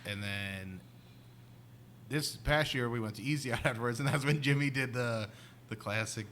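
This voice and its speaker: Rambling man, bright voice. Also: mid-range voice, slight background noise. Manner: rambling, halting storyteller with many restarts. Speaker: podcast co-host. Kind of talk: casual chat.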